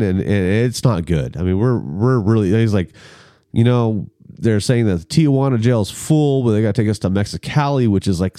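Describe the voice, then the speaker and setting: A man telling a story in a casual chat, animated and acting out the people in it. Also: mid-range voice, no echo, clean studio sound.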